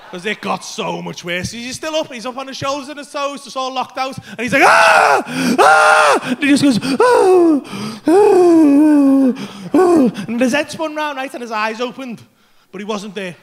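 A man's voice: very high voice, moderate pace, a bit bright. A man doing stand-up in a comedy club, telling a rambling story with lots of swearing and acting out his own panic. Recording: live club recording. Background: audience laughter.

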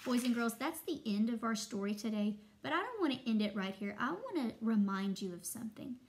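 A young adult woman, a first-grade teacher, reading a story aloud to children expressively with long pauses. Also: a little high, lively intonation, darkish tone.

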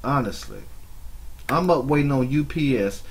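A man with a husky, slightly breathy voice delivers mocking reaction commentary. He scolds his target and drifts into long, drawn-out asides. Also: medium pitch, lively intonation. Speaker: YouTube commentator.

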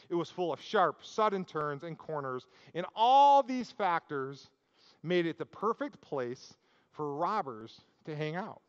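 A man's voice: a little high, in a large hall, dull audio. A man preaching a sermon as pastor, telling stories casually with jokes and asides. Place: church sanctuary.

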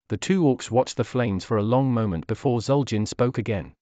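A man narrating a scripted fantasy story in a steady, even way. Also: mid-range voice, normal speed, hardly any pauses, dry recording.

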